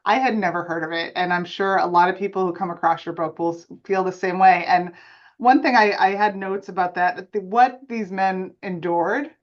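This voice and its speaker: A woman's voice: fairly low pitch, moderate pace, highs cut off. A woman hosting a podcast interview, speaking with heartfelt earnestness in casual chat. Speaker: podcast host.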